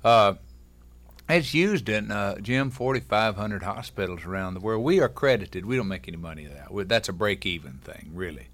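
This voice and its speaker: A man's voice: fairly low pitch, normal speed, a bit bright. A man, a guest on a talk show, chatting in a folksy, joking way. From Texas. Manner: folksy, wisecracking storyteller.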